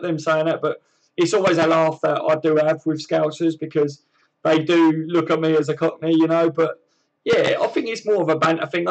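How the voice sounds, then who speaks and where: Brief: southern English male host, slightly higher pitch, easygoing matey banter on a live stream. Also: dull audio. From southern England. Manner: chatty, matey banter with frequent fillers. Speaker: channel host reading live chat. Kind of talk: casual live-stream chat.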